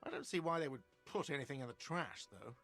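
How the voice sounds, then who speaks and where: A man's voice: on the high side, lively intonation, a little fast, a bit bright, faint music behind. A man voicing a grumpy, put-upon cafeteria manager in a video game, curt and sarcastic.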